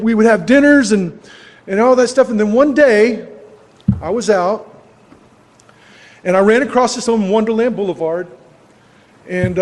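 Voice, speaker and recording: At a recovery meeting in a club hall, a man with a high voice shares his personal recovery story in a folksy, rambling way, often laughing at himself. The hall is echoey, with a long reverb.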